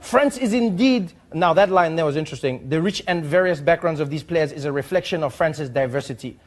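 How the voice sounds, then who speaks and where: A man from South Africa performing stand-up comedy, acting out both sides of imagined phone calls in raised, animated voices. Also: fairly high pitch, quick pace. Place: comedy stage with a live audience.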